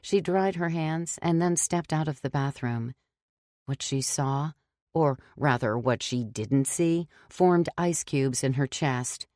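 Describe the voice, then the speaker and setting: A woman narrating a horror audiobook in a steady, measured reading. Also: sits low, no room sound, studio quality.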